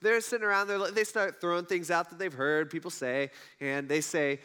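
A man's voice: on the high side, steady tone, moderate pace, pushed and bright, clean tone. A man giving a casual storytelling sermon, retelling stories in a conversational way and acting out the quotes. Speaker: preacher.

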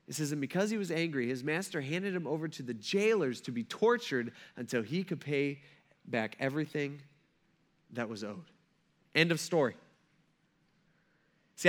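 Here a pastor with a fairly high-pitched voice gives a sermon that feels like conversation. Rhetorical questions and acted-out quotations fill it, and his delivery moves between forceful emphasis and near-whispers.

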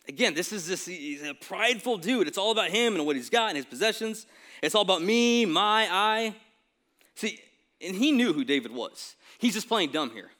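A male pastor giving a sermon in a casual, conversational way, often checking in with the congregation with quick asides. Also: high voice, pushed and bright. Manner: casual, conversational preaching with frequent "right?" asides.

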